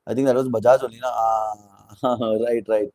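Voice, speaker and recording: A man's voice: medium pitch, flat delivery, moderate pace, warm tone, rough recording. A man with an Indian English accent giving opinionated, chatty commentary on a reality show, slipping Hindi words into his talk. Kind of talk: casual video commentary.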